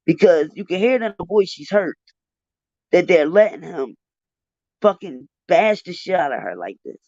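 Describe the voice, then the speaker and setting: A man's voice: high-pitched, very animated, moderate pace, vocal fry, darkish tone, no room sound. A man giving heated, profane live commentary, ranting in an exasperated way on a livestream. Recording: dull lo-fi dry livestream audio.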